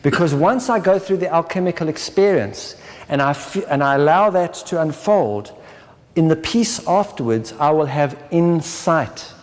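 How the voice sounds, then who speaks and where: In the lingering reverb of a big lecture hall, a man with a slightly raised pitch presents a spiritual workshop talk, expressive and at normal speed. He keeps asking listeners "right?" and briefly acts out inner voices in dramatized asides.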